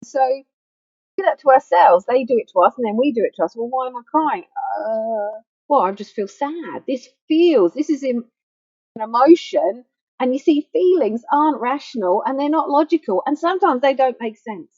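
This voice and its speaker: A woman's voice: sits high, lively intonation, moderate pace, a little mellow, slightly rough, dry recording. A woman grief counsellor giving an earnest, conversational teaching talk to camera, repeating key words for emphasis. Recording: dull faulty mic sound.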